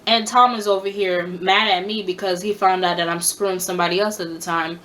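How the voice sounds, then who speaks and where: A woman's voice: lowish voice, fairly even intonation, a little fast, a bit bright. Blunt young woman telling a storytime. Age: 20s. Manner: blunt, profane, repeats advice for emphasis. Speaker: storytime vlogger. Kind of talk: casual storytime monologue.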